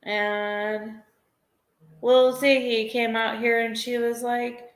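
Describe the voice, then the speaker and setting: A woman's voice: fairly high pitch, little pitch movement, slow. A woman chatting casually on a live stream, rambling and emotional, often breaking into laughter. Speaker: livestreamer. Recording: roomy echo.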